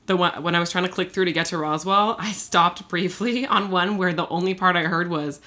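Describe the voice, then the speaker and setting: A woman co-hosting a podcast, telling a story in casual chat, animated and full of fillers. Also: on the low side, fairly quick, hardly any pauses. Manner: chatty, animated, many fillers and laughs.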